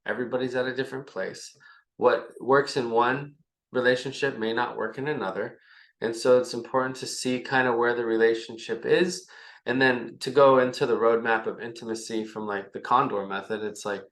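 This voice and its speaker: A man's voice: mid-range voice, fairly even intonation, normal speed, a bit bright. A man as a podcast guest, talking loosely and rambling, acting out little bits of dialogue between himself and his partner. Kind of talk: casual conversation. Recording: echoey room.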